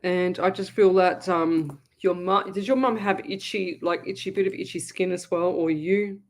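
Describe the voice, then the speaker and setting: A woman's voice: on the low side, fairly even intonation, moderate pace. A woman hosting a live psychic radio show, chatting casually and reading viewers' comments aloud. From Australia. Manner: eats while talking. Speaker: psychic medium radio host.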